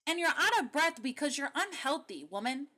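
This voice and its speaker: Blunt, high-voiced woman commentator. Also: very animated, a little fast, bright, forceful tone. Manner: blunt, sarcastic and swearing. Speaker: call-out commentary host. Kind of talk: reaction commentary.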